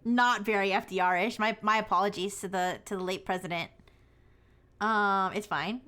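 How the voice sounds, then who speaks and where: A woman's voice: mid-range voice, steady tone, normal speed, pushed and bright, clear, resonant tone. A young woman VTuber chatting casually on a live stream, giggly and rambling. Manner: giggly, rambling, self-mocking.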